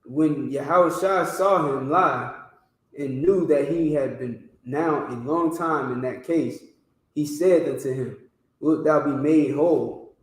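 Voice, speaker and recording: A man reading scripture aloud in a class, haltingly, with restarts. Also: on the high side. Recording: very echoey room.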